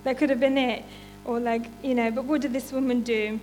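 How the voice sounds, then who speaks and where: A woman's voice: on the high side, fairly even intonation, brisk, few pauses, a little mellow, faint music behind. A woman giving an informal church testimony and reading scripture, chatty and unpolished, often breaking into laughs.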